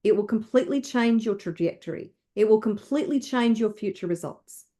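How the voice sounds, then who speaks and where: A woman wealth coach leading listeners through slow, emphatic affirmations to repeat after her. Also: medium pitch, warm tone.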